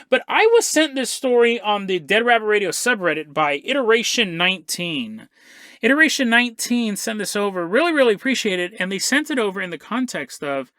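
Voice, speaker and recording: Bright, high-pitched and forceful, this male podcast host rambles through a comic story, breaking into frequent laughter. The studio recording is clean and echo-free.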